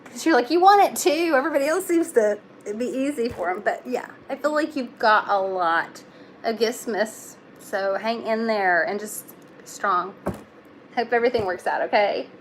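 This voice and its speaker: A woman's voice: a little high, expressive, moderate pace, a little hiss or hum. A young woman giving a casual live tarot reading, talking in a chatty, reassuring way with lots of fillers. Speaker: tarot reader.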